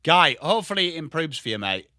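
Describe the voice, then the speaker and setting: A young Englishman with an English accent hosting a live football watchalong stream, excitable and sweary, rattling off player names, tired from little sleep. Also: on the high side, fast, no echo, studio quality. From England. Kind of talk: live commentary and chat stream.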